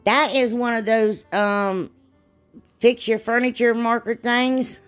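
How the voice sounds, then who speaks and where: A woman's voice: on the high side, steady tone, takes it slowly, clean tone, faint music behind. A woman, chatting casually and rambling a little as she narrates a DIY craft video. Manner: chatty, rambling, laughs at herself.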